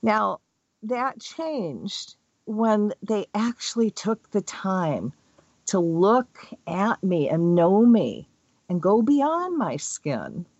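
A woman who works as a spiritual energy healer, giving a chatty, rambling and expressive talk. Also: medium pitch, drawn-out words, husky, no echo. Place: Hawaii. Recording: dull, dry recording.

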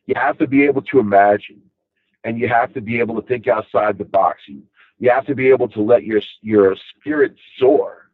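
A middle-aged man with a Long Island, New York accent talks fairly quickly in a medium-pitched voice. It's a loose, casual monologue full of "you know"s, captured in tinny, phone-like audio with no echo.

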